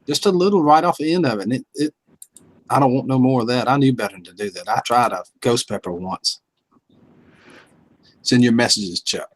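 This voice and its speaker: A man's voice: mid-range voice, a little fast, pauses often, poor audio. A man, hosting a folksy, easygoing casual chat. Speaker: host.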